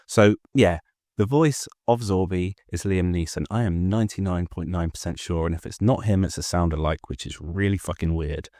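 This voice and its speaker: A man giving a scripted, measured breakdown of a TV episode, with some rambling off-script asides. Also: deep voice, a little mellow, no room sound, studio quality. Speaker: show commentator. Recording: voice over clear guitar music.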